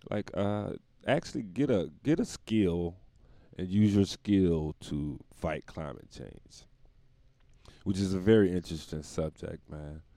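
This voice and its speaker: A man's voice: low voice, unhurried, warm tone, no room sound. A man delivering a rambling, profane comic monologue, often laughing at his own jokes.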